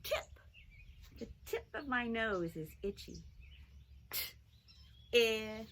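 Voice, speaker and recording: A woman teaching a children's phonics lesson, talking in a slow, sing-song, encouraging way. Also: on the high side, animated, fairly bright tone, a little hiss or hum.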